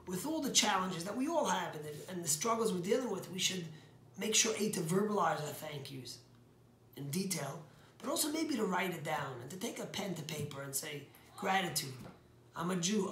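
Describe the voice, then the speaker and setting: A man's voice: high-pitched, fairly bright tone, roomy sound, a little hiss or hum. A man giving a short inspirational sermon as a rabbi, telling stories earnestly and stressing key words.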